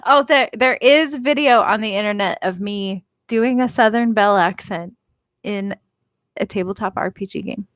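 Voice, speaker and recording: A woman's voice: mid-range voice, normal speed, fairly bright tone, dry recording. A woman from Northern California chatting playfully on a livestream, laughing often. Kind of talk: casual livestream chat.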